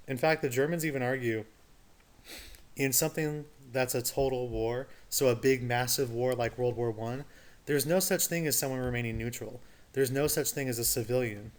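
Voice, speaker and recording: A man teaches a history lesson in a relaxed, conversational voice. He keeps putting rhetorical questions to his students and drops casual asides as he explains. His voice sits at an ordinary middle pitch. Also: normal speed. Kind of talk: recorded history lecture.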